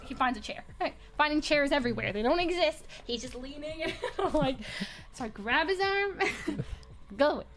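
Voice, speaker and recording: A young woman streamer telling a story in casual chat, animated, laughing often and acting out quotes. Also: high voice, a little hiss or hum.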